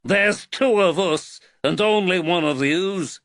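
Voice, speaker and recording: A man voicing a big, belligerent thug with a Liverpool accent who shouts his challenges. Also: high-pitched, takes it slowly, dry recording, voice pushed up, exaggerated voice. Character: big gruff Liverpool thug, hostile and brash.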